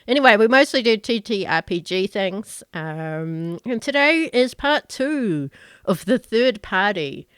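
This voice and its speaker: A woman game master hosting her stream over an online call, bubbly and playfully bossy, quick to laugh. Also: medium pitch, animated, fairly bright tone, clear, resonant tone, dry recording, studio quality. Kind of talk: casual stream chat, introducing players.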